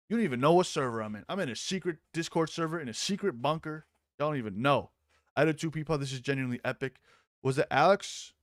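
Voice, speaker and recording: A man hosting a casual live-stream commentary, excitable and mocking, swearing freely. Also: fairly high pitch, dry recording, studio quality.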